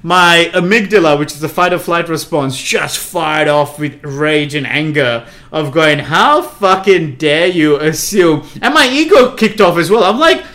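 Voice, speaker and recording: Animated storytelling man. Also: fairly high pitch, moderate pace, few pauses. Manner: animated, swears, laughs hard at own stories. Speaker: podcast co-host. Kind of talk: casual storytelling chat.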